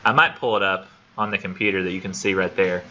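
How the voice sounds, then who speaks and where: A man's voice: low voice, steady tone, fast, bright, forceful tone, dull audio, slight background noise. A man teaching a college literature class in a casual, rambling, self-deprecating way, in a classroom on a camera mic. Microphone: classroom computer camera for remote students.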